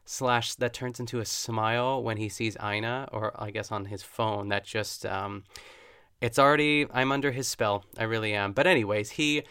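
A man's voice: fairly low pitch, moderate pace, sharp tone, smooth, no echo, clean studio sound. A man hosting his own podcast, chatting casually and gushing with self-deprecating asides. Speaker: podcast host. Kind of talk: casual solo podcast recap.

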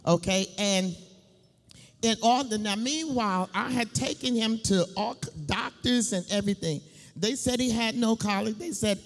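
A middle-aged woman giving a personal testimony in church, telling her story slowly and emphatically, laughing between lines. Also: medium pitch, a little hiss or hum. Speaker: church speaker. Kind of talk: sermon testimony. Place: church building. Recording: long hall reverb.

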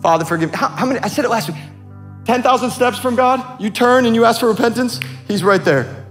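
High-voiced joking male preacher. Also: fairly bright tone, soft background music. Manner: casual, joking preaching with quick asides. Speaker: pastor. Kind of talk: sermon.

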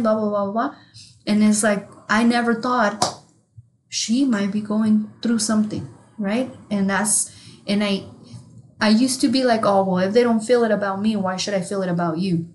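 A woman co-hosting a podcast in casual chat, talking candidly and with plenty of swearing, growing animated when something amuses her. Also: mid-range voice, normal speed. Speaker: podcast co-host.

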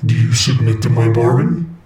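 A man voicing a cold, menacing male demon who bargains in slow, commanding threats. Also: medium pitch, level tone, reverberant, recorded from a distance, a crowd in the background, natural voice.

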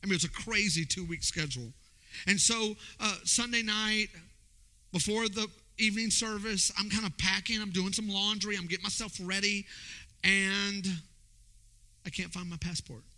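A pastor preaching a sermon, telling a story with lively delivery and acting out the voices of the people in it. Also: male voice, high-pitched, normal speed. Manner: animated, acts out voices in his stories.

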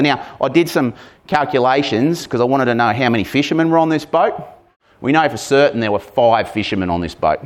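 A man preaching a conversational sermon, animated and chatty, often asking the congregation questions. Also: mid-range voice.

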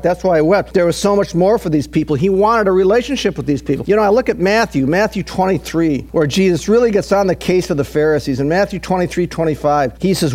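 A man preaching a sermon in a folksy, conversational way, swinging between loud emphatic peaks and low, hushed intensity. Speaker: pastor.

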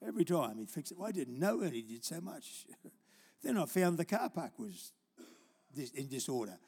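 An older male pastor delivers a live church sermon with a fairly high voice. He moves between loud, urgent exhortation and quiet, tender storytelling asides. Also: sing-song, moderate pace, slightly rough. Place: church auditorium.

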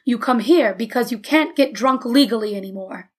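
A woman narrates the lines of a big, stern rabbi in an audiobook who scolds with dry irony. Her voice stays a touch high for him. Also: normal speed, breathy edge. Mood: scolding. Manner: ironic, scolding. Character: large stern middle-aged male rabbi.

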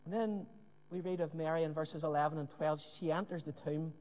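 A man preaching a sermon with earnest emphasis and dramatic pauses, often dropping to a hushed voice. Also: a little high, steady tone. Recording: long hall reverb.

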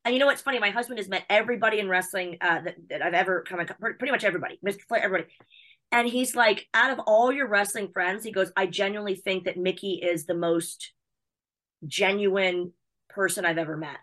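Bubbly American woman guest, talks fast and chatty, excitable. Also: medium pitch. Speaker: interview guest, wrestling personality. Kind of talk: casual chat.

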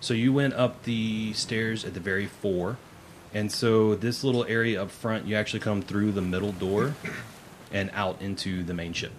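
A man's voice: lowish voice, steady tone, normal speed, slight background noise. Man running a tabletop game. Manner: casual, rambling, self-correcting. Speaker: game master.

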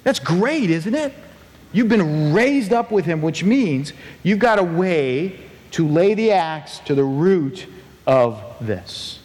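Animated male pastor in a reverberant hall. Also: slow. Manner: animated, acts out quoted voices with big pitch swings. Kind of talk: sermon.

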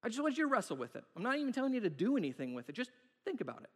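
A man's voice: very high voice, wildly swooping pitch, rapid-fire. A man in his thirties preaching a sermon in a church, telling playful, self-mocking stories and acting out quotes. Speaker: pastor. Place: church sanctuary. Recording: long hall reverb.

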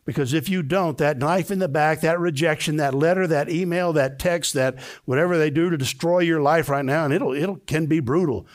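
An older man, a pastor, preaching a sermon with emphatic delivery that climbs to high, excited peaks. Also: moderate pace, few pauses.

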